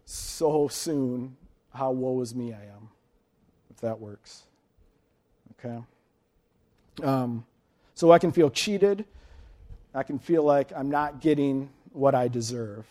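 A man's voice: mid-range voice, mellow. A man in his late thirties preaching an informal sermon, folksy and chatty, often checking in with his listeners. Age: late 30s.

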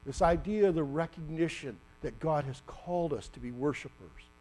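Male preacher, high-pitched, animated storytelling delivery, slight mains hum. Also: moderate pace. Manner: animated, acts out the story with sudden loud bursts. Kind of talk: sermon.

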